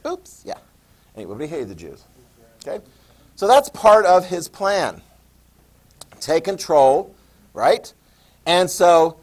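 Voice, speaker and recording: This is a man delivering a casual high school history lecture, tossing in sarcastic remarks and reminding the class to note things down.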